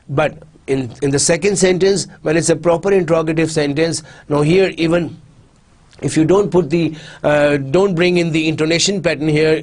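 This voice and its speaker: Repetitive higher-pitched male lecturer. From Pakistan. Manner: repetitive, restarts often while explaining. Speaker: university lecturer. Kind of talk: recorded academic lecture.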